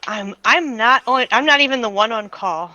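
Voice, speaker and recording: A woman's voice: on the high side, moderate pace, bright, forceful tone, dry recording. A woman chatting casually on a call, making offhand, wry remarks. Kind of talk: casual chat. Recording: dull lo-fi mic, dry.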